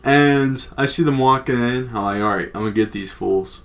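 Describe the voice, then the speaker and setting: A man's voice: mid-range voice, moderate pace, a bit bright. A young adult man telling a story in a casual, loose, slangy way, full of "like" and swearing. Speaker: storytime vlogger.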